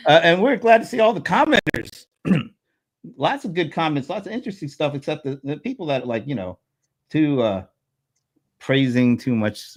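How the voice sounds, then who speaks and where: A middle-aged man hosting a casual panel show, talking in a relaxed, rambling way with restarts and laughs. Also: on the high side, normal speed. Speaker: host.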